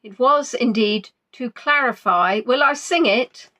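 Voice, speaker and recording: A woman hosts a relaxed live quiz, chatting playfully and reading out viewers' guesses. She speaks at an unhurried pace in a slightly high voice. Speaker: quiz host. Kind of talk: casual live-stream quiz chat.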